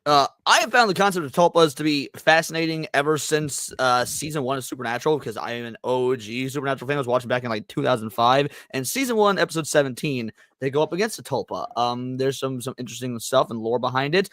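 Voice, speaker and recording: A man's voice: medium pitch, fast, few pauses, a bit bright, no echo. A man hosting a casual livestream podcast, joking loosely and greeting chat viewers by name. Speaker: podcast host.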